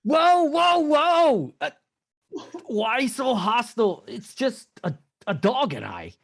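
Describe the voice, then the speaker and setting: A man voicing a gruff old British soldier in a tabletop game, with a put-on British accent. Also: on the high side, animated, slow, no echo, clean studio sound, heavily acted. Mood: placating.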